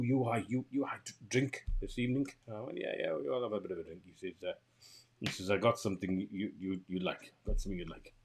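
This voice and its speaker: A man with a Geordie accent, co-hosting a podcast and telling a funny anecdote in a lively, laughing way. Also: low voice, husky. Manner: animated anecdote teller, laughs through the story. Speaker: podcast co-host. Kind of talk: casual chat, storytelling.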